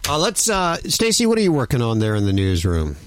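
A man's voice: mid-range voice, huge pitch swings, fairly quick, no room sound. A male radio talk show host with a wry, joking manner. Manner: jokey, wry.

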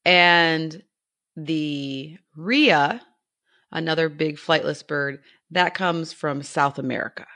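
A woman co-hosting an animal podcast in easy conversation. Her voice sits a little low but sounds bright and forward, and she is eager and chatty, laughing as she goes. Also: slow. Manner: enthusiastic, chatty, laughs often. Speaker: podcast co-host. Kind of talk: casual chat.

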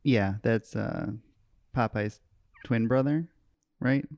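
A man's voice: medium pitch, slow pace, darkish tone, dry recording, studio quality. A man on a trivia podcast musing aloud over guesses in casual chat.

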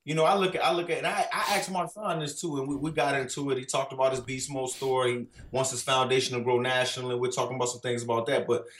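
A man co-hosting a casual chat, cutting in with quick, incredulous questions. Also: mid-range voice, steady tone, a bit bright, roomy sound, slight background noise. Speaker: podcast co-host, former NFL player.

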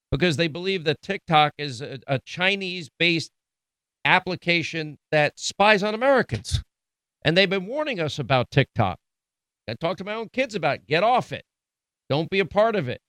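A man's voice: on the high side, a bit bright, no echo. A middle-aged man hosting a political talk show, emphatic, indignant and sarcastic. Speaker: radio talk show host. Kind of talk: political commentary.

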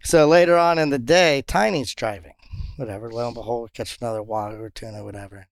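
A man who captains a charter fishing boat, telling fishing stories in a casual interview and jumping into high voices when he quotes others. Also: fast, vocal fry, dry recording, clean studio sound. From Pompano, Florida. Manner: animated storyteller, jumps high when quoting others.

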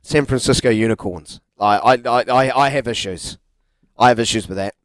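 A man's voice: medium pitch, normal speed, dry recording. Dry-voiced male sports talk host. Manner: wry, playful, rambling. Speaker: radio sports show host. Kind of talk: casual studio banter.

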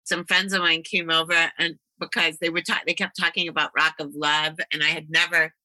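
A woman hosting a casual chat, telling her own story in a halting, chatty way. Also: sits low, little pitch movement, pushed and bright, dry recording, poor audio. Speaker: host and musician.

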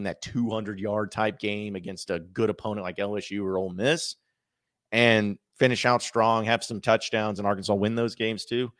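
A man's voice: on the low side, fairly bright tone, dry recording, clean studio sound. Rambling man hosting a sports podcast. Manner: rambling, self-correcting, chatty. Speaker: podcast host. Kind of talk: casual sports podcast talk.

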